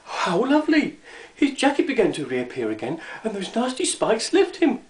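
A man reading a children's story aloud in an expressive, animated way. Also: sits high, moderate pace, reverberant, low-quality recording.

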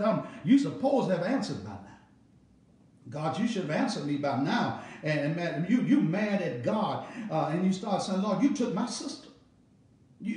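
A man with a Southern American accent, a pastor preaching a Bible study in an animated call-and-response style with repeated phrases. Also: high-pitched. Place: church sanctuary. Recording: echoey room, mic at a distance.

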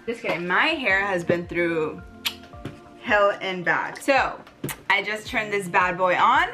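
A young woman chatting excitedly in a casual home beauty vlog, gushing and bubbly. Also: medium pitch, slow pace, over music. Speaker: beauty vlogger.

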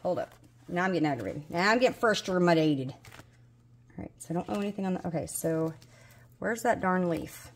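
Speaking on the low side and fairly quickly, this woman leaves long pauses between her words. She's a budgeting vlogger in her forties with a Southern US accent, casually chatting to herself during a budgeting game. Mildly exasperated, she searches for pieces as she goes.

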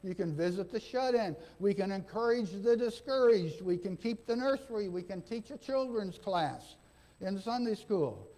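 Folksy, high-voiced male preacher. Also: expressive, moderate pace, dark tone. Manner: folksy, asks the congregation "okay?", acts out quoted dialogue. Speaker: interim pastor. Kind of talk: sermon. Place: church sanctuary.

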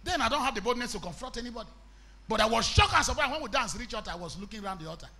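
A Nigerian man preaching a sermon as an evangelist, impassioned and breaking into shouts, with Pidgin mixed into his English. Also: extremely high pitch, expressive, rapid-fire, creaky.

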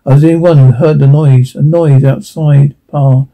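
A man reading a radio play aloud, slow and reflective, with slips and restarts. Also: fairly high pitch, fairly even intonation, mellow, poor audio. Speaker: reader narrating a radio play. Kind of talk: amateur reading of a radio script.

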